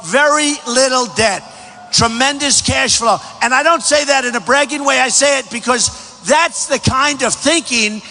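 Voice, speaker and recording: A presidential candidate giving a boastful, repetitive campaign rally speech, often shouting, in a large packed hangar. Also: male voice, very high-pitched, moderate pace. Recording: echoey hangar hall.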